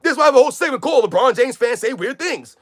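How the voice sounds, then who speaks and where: A man ranting loudly on a sports live stream, combative and repetitive, calling out chat viewers by name. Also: very high-pitched, expressive, rapid-fire. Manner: loud, combative, repetitive rant.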